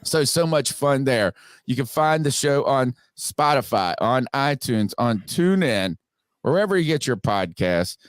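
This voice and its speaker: A man hosting a sports podcast, upbeat and quick with his plugs. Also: mid-range voice, expressive, no room sound. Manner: upbeat, promotional, rapid plugs. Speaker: podcast host. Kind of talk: casual sports podcast talk.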